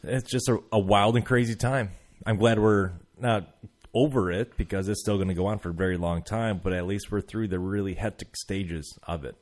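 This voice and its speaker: A man's voice: lowish voice, moderate pace, a little mellow. A man hosting a casual podcast chat, blunt and swearing freely. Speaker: podcast host.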